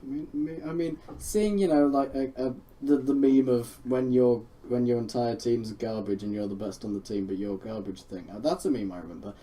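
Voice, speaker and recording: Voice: medium pitch, moderate pace, few pauses, dark tone. A speaker chatting casually, rambling and trailing off while helping a friend record. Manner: giggly, rambling, trails off mid-sentence. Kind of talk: casual chat.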